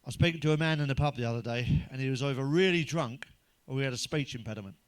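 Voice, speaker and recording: A man's voice: mid-range voice, fast talker, clear, resonant tone. A middle-aged man telling crude jokes in a blunt stand-up monologue, swearing constantly. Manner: blunt, heavy swearing, does character voices in jokes. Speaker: stand-up comedian.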